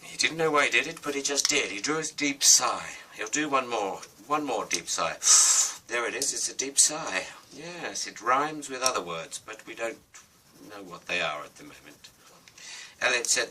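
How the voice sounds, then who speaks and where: A man's voice: mid-range voice, lively intonation, normal speed, bright, forceful tone, slight background noise. A man improvising a silly goldfish story, rambling with playful asides and putting on voices.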